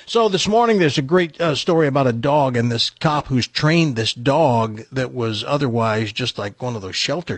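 A man's voice: medium pitch, husky, no echo. A man hosting a radio show, telling a joke in an easygoing, teasing manner. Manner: easygoing, teasing, tells jokes with restarts. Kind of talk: casual on-air storytelling.

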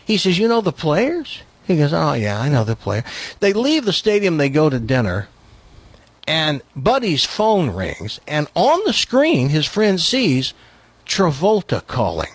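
A man telling a long joke in a casual, animated way, briefly voicing the characters in it. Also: fairly high pitch, dry recording. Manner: animated, voices the characters in his jokes; lively, quick-paced delivery. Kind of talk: joke storytelling.

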